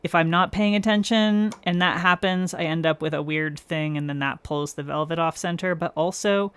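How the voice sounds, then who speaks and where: A woman's voice: fairly low pitch, fairly even intonation, moderate pace, clear, resonant tone. A woman hosting a nail art livestream, chatting casually with viewers by name, laughing often and explaining her steps as she works. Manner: explains step by step while working. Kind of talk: casual live-stream chat.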